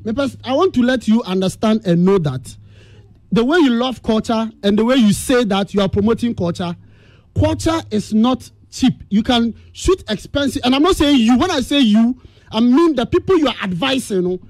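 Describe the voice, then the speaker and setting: Firm Ghanaian radio host, very high pitch, dry studio mic. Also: male voice, animated, normal speed, darkish tone, no room sound. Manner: firm, lecturing. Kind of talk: heated radio argument.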